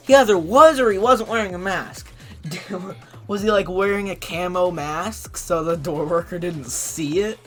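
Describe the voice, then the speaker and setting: Reading posts from the internet out loud, a commentary YouTuber mocks them with sarcastic disbelief and laughs often. He speaks unhurriedly in a high, fairly bright voice over faint background music.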